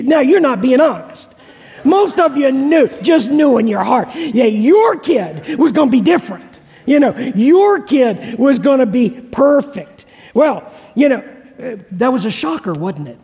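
High-voiced pastor preaching in a reverberant hall. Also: male voice, darkish tone. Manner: conversational, repeats key phrases, asks congregation questions. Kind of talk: sermon.

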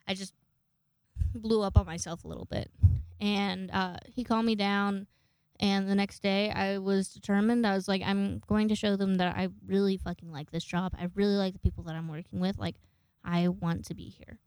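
Smooth-voiced woman, rambling and profane. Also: medium pitch, steady tone, moderate pace, no room sound. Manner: rambling, profane, self-mocking. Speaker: podcast host. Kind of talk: casual storytelling chat.

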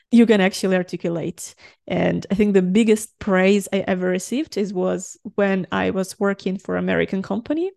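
Podcast co-host, woman, gravelly edge, animated and laughing, dry close sound. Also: mid-range voice, no room sound. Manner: animated, laughs often, exclaims. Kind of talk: casual podcast chat.

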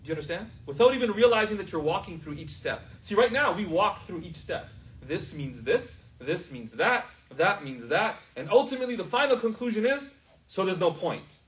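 A man's voice: sits high, big pitch swings, brisk, fairly bright tone, distant mic, poor audio. A man teaching a class in a casual, conversational way, often checking whether his students understand.

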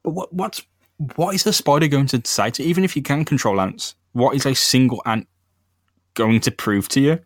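A man chats casually about comics in a relaxed, slangy way, sometimes slipping into silly voices. His voice sits at an ordinary pitch and sounds close and dry, with no room around it. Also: normal speed, no echo. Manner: laid-back, slangy, slips into silly voices. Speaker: podcast co-host. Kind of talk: casual comic-book chat.

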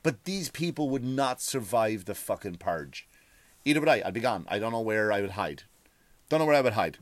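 A man's voice: fairly low pitch, very animated, normal speed, no echo. A man, a comedian hosting his own show, delivering a heated, profane solo rant with lots of repeated words. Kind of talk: ranting solo monologue.

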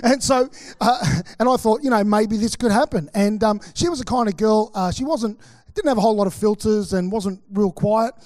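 A man's voice: high-pitched, normal speed, darkish tone, dry recording. A middle-aged Australian man preaching a sermon, chatty and anecdotal, acting out quotes with many fillers. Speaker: pastor. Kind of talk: sermon with personal stories.

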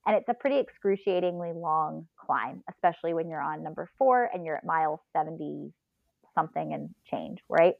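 A woman telling a long personal story in a casual, animated way, laughing and acting out her own inner voice. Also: low-pitched, fairly quick, gravelly, no room sound, narrow, tinny audio. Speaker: podcast guest, ultrarunner.

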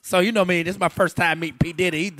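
A man telling a lively radio story, acting out quotes with shouts and laughs. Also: high voice, rapid-fire, dry recording, clean studio sound. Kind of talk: animated storytelling.

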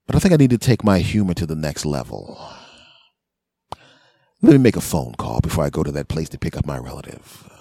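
A man's voice: rumbling low, a little fast, long pauses, slightly rough, no echo, clean studio sound. Rambling man telling a comic story. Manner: rambling, animated, acts out voices. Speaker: comedian podcast host.

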